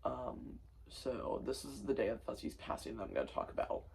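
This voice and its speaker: A man's voice: medium pitch, big pitch swings, moderate pace, gravelly, a little mellow, husky, poor audio. A tired, sleep-deprived young man talking casually as a vlogger, subdued and rambling with fillers and restarts. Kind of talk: casual personal storytelling.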